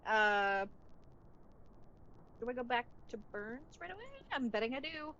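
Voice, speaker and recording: A woman streaming a game, chatting and coaxing in a playful, easy way. Her voice is fairly high and bright. The sound is a little dull, with a faint hiss underneath. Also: animated, a little slow. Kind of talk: casual gameplay commentary.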